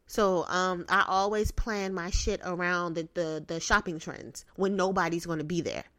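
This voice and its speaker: A woman's voice: lowish voice, fairly even intonation, moderate pace, sharp tone, dry recording. A young woman hosting a podcast, giving blunt, profane, streetwise advice in a casual way. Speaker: podcast host.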